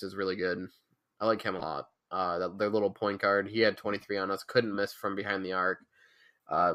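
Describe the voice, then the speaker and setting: Bright-voiced man talking college hoops. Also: on the low side. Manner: rambling, fan-style basketball breakdown with sarcasm. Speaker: podcast co-host. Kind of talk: casual sports podcast chat.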